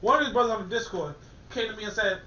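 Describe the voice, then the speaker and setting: A man reviews a political document, reading it out and commenting in a casual, emphatic manner while repeating words as he thinks. He speaks rapid-fire in a high, pushed, bright voice, with a little hiss or hum and an echoey, dull room sound.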